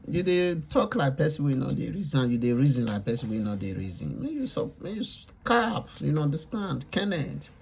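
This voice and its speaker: A man's voice: mid-range voice, gravelly, darkish tone, slightly rough. A Nigerian man giving casual reaction commentary, lecturing and repetitive, mixing Pidgin with English. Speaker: reaction vlogger.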